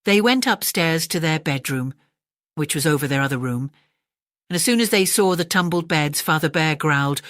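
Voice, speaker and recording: A woman with an English accent gently narrating a bedtime story audiobook. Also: low-pitched, expressive, no echo, studio quality. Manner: gentle, measured.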